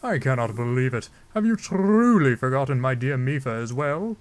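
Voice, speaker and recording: A man's voice: mid-range voice, lively intonation, normal speed, close to an everyday voice. King Dorephan, a man doing a stately fish-king. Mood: regal. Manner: formal, stately old-fashioned speech. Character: huge, booming old fish-king, courteous and regal.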